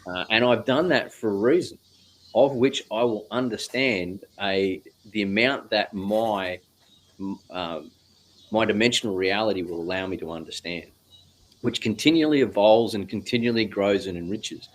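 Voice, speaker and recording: A man talks at an unhurried, drawn-out pace in a low register. He is a guest reflecting on spiritual ideas, musing aloud and dropping the occasional swear word. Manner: slow, musing, drawn-out phrasing with casual swearing.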